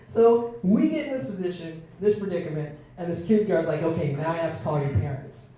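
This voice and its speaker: Woman stand-up comic, animated storyteller, mellow tone, recorded from far off in an echoey club. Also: lowish voice, fast talker, few pauses. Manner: animated, acts out quoted voices. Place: comedy club stage.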